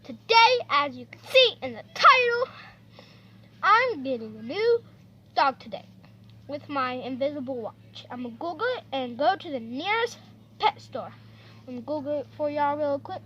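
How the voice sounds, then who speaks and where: Excitable high-voiced woman vlogging toy play. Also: normal speed, dull audio, slight background noise. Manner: excitable, chatty, talks to viewers. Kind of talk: pretend-play vlog narration.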